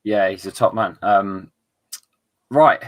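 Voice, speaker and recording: A man dropping in as a guest, chatting in a relaxed, friendly, bantering way before signing off. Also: lowish voice, takes it slowly. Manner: friendly, laid-back banter. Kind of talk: casual chat.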